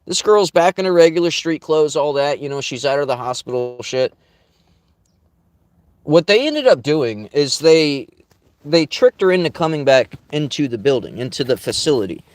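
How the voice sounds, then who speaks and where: A man's voice: on the high side, expressive, moderate pace. Blunt, profane man telling a story. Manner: blunt, profane, rambling with restarts. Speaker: vlogger. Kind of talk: casual storytelling.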